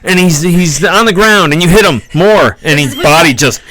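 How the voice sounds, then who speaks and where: A man's voice: on the high side, expressive, moderate pace, pushed and bright. A man running a tabletop game as its game master, narrating combat and dice rolls in an easy, chuckling way.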